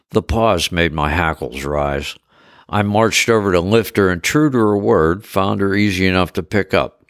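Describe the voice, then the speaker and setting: A man's voice: deep voice, normal speed, clear, resonant tone, no room sound, clean studio sound. A man narrating a first-person story in a wry, conversational way.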